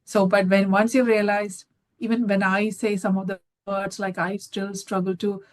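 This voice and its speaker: A woman's voice: mid-range voice, little pitch movement, normal speed. A middle-aged woman from India with an Indian English accent, encouraging and hesitant, full of fillers and restarts. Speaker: guest conversation partner. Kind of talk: casual conversation.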